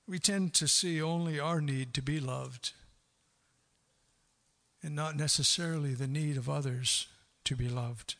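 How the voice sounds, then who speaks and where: A middle-aged man preaching a sermon in an animated way, laughing often and acting out quoted voices. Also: fairly high pitch, a little slow, creaky, pauses often. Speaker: pastor.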